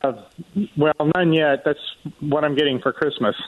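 A man calling in to a radio show, talking casually and haltingly. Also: fairly high pitch, fairly even intonation, phone-quality sound. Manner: hesitant, halting with fillers. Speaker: caller. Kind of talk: casual call-in chat.

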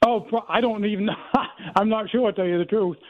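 High-voiced man caller, halting with lots of ums, on a tinny phone line. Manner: hesitant, with many fillers. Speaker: radio show caller. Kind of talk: phone call to a radio show.

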